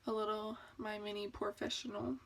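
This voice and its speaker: A young woman vlogging a casual makeup tutorial, talking with a rough morning voice, chatty and in a rush, filmed on her phone at home. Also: medium pitch, level tone, recorded from a distance, a little hiss or hum. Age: young adult. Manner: rushed, chatty, laughs often. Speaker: beauty vlogger. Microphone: phone on tripod.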